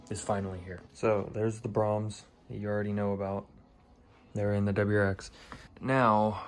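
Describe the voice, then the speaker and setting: In a casual vlog shot in his home garage, a young man talks bluntly about working on his car, with some cursing and jokes at his own expense, sounding out of breath. He speaks at a moderate pace in a lowish voice with a level tone.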